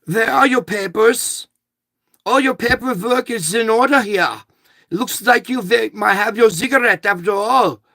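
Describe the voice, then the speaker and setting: A man's voice: high voice, measured pace, creaky, sharp tone, dry recording, voice pushed up, heavily acted. A man voicing a stern female shop clerk with a put-on German accent, clipped and officious.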